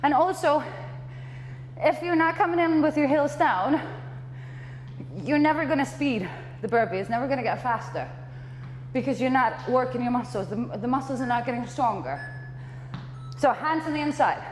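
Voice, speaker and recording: A woman's voice: high-pitched, moderate pace, in a large hall, slight background noise. A woman fitness trainer coaching a workout class, encouraging and out of breath between exercises.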